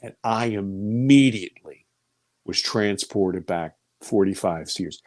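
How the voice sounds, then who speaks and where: A man in his fifties telling a personal story as an interview guest, voice leaping high when he quotes himself and sinking low and hushed when he recalls fear. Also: slow, no room sound. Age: 50s. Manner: animated, voice rising high for quoted speech and dropping low and quiet for fear.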